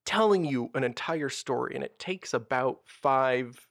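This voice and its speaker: A man narrating a tabletop role-playing game as game master, with measured, descriptive storytelling. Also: mid-range voice, gravelly, a bit bright, dry recording, clean studio sound.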